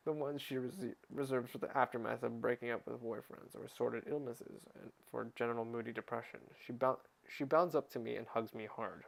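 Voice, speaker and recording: A man's voice: mid-range voice, fairly even intonation, brisk, creaky. Sarcastic man reading a novel aloud. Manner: sarcastic, interrupts reading with exasperated comments; stumbles and restarts words while reading. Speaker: reader of a parody audiobook. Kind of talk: mock audiobook reading with asides. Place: at home.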